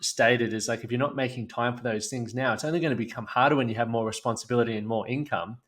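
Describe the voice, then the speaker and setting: A man's voice: medium pitch, fairly even intonation, fast, a bit bright. A young man hosting a podcast, talking in a reflective, earnest, casual way. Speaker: podcast host. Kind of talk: conversational interview.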